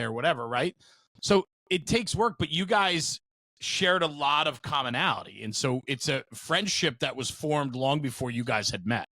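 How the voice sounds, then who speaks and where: A man's voice: medium pitch, moderate pace, a bit bright, dry recording. A man hosting a podcast, prompting his co-host and reflecting on friendship in casual chat. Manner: encouraging interviewer, reflective asides.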